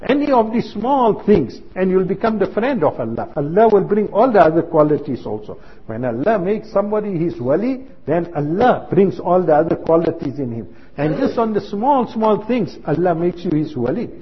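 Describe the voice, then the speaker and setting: A man's voice: high-pitched, sing-song, moderate pace, slightly rough. A man preaching a sermon, telling anecdotes and acting out the dialogue. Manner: storytelling, acts out quoted dialogue. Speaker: Islamic preacher. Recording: muffled lo-fi recording.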